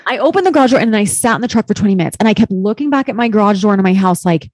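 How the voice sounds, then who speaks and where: A woman telling a personal story in casual chat as a podcast guest, candid and expressive, swearing freely and filling her speech with "like". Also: mid-range voice, rapid-fire, dry recording, clean studio sound.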